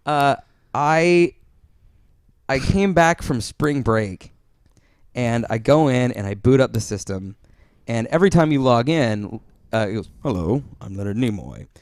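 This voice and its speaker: A young man co-hosting a podcast, telling stories in a lively, halting way with many restarts. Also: mid-range voice, clean tone, no echo, studio quality. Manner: animated storytelling with many restarts. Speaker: podcast co-host. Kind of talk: casual chat.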